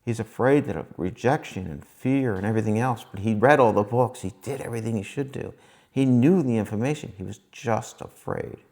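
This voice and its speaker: A man's voice: mid-range voice, a little fast, darkish tone. A man casually telling a motivational story in a rambling, folksy way that repeats itself. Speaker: vlogger.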